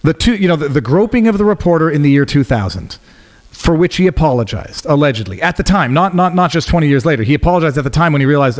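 Animated, slightly higher-voiced man. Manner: rapid, animated, many restarts and trailing phrases. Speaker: podcast guest. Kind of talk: casual political chat.

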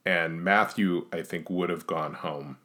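A woman's voice: a bass voice, unhurried, a bit bright. A woman co-hosting a podcast in casual chat, adding dry, wry asides. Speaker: podcast co-host.

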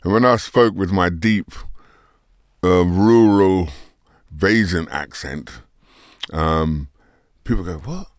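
Older Barbadian-accented man, guest, very low and unhurried, dry close sound, easy laugh. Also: dry recording. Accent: Barbadian, with London traces. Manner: easygoing, laughs often while talking. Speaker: guest musician. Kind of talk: relaxed interview chat.

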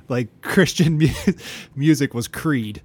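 A man co-hosting a podcast in casual chat, teasing with quick joking interjections. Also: mid-range voice, darkish tone, slightly rough. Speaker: podcast co-host.

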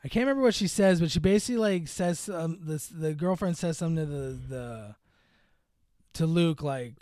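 Young male co-host, high smooth voice, dry close sound, rambling movie recap full of "like". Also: moderate pace, a little mellow, no room sound. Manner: rambling, filler-heavy storytelling, acts out lines in higher voices. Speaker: podcast co-host. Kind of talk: casual movie recap chat. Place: home room.

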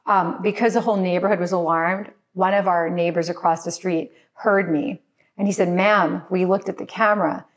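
A woman's voice: lowish voice, steady tone, moderate pace. Woman on a podcast telling a scary story, teary and sorry-sounding, keeps restarting. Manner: tearful, apologetic, restarts often. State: crying at times. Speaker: guest. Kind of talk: emotional personal story in a podcast conversation.

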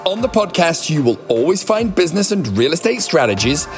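A middle-aged man with a British accent hosting a podcast, talking in an energetic, emphatic, upbeat way. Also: on the high side, brisk, over music. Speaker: podcast host. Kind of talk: motivational podcast monologue.

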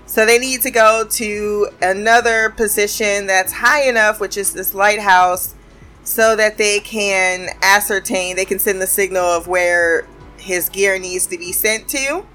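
Woman, casual profane recapper, mid-pitched, faint music bed. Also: steady tone, unhurried, bright, forceful tone. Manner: chatty, profane, laughing often. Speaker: episode recapper. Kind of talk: casual cartoon episode recap.

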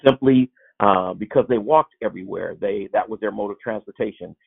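Low gravelly man, informal small-group Bible teacher, tinny lo-fi line. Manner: halting, many fillers and restarts. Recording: tinny phone-like sound.

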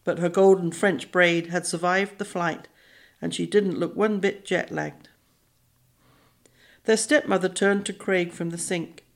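Woman narrating a story, a bit low. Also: fairly even intonation, measured pace. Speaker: audiobook narrator. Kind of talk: scripted narration.

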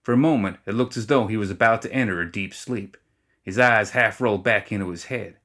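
A man narrates a fantasy tale in a low voice with a wry, even delivery. He reads smoothly, letting the comic lines land without fuss. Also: a little fast. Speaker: audiobook reader. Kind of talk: scripted fiction narration.

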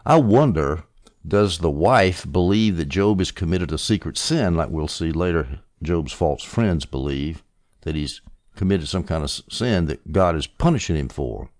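Man preaching verse by verse, low voice, very expressive, sarcastic asides. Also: normal speed. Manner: animated, sarcastic asides, swings between loud and hushed. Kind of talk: expository Bible teaching.

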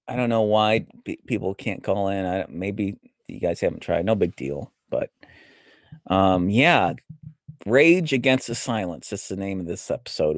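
40s male host, low voice, dry sound, loose rambling live-stream monologue. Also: no room sound. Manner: rambling, full of fillers and restarts.

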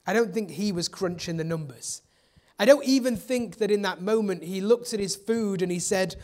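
A man preaching a sermon as pastor, telling the story conversationally and often dropping into a soft hush. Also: sits high, moderate pace. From England.

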